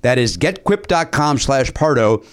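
A man's voice: mid-range voice, animated, unhurried, clean tone. A man co-hosting a podcast, reading a sponsor ad in casual, jokey chat with many restarts. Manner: stammering, playful, jokey.

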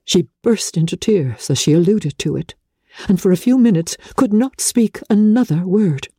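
A woman gives a measured, expressive dramatic reading of a classic novel as narrator. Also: mid-range voice, breathy edge, dry recording, clean studio sound.

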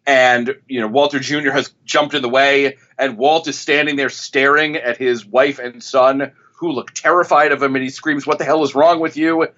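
A man's voice: medium pitch, steady tone, moderate pace, hardly any pauses, pushed and bright, dull audio. A man, a television critic and author, telling a story as an interview guest, rambling and often restarting his sentences. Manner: rambling, with frequent restarts and self-corrections.

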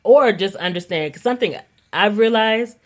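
A woman co-hosting a podcast, relaxed and affirming, often chiming in with "right". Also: medium pitch, normal speed. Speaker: podcast co-host. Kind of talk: casual conversational podcast.

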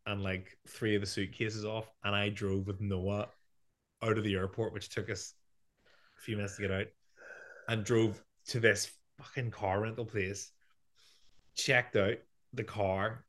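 A man co-hosting a podcast, telling a travel story in quick, rambling, self-mocking bursts. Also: lowish voice, level tone, a bit bright. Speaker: podcast co-host. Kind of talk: casual storytelling chat.

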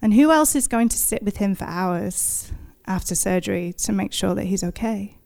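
A woman in her thirties has a creaky, darkish, medium-pitched voice with lively intonation and a moderate pace. She tells a self-deprecating personal story to an audience, vivid and in the present tense, with bursts of laughter.

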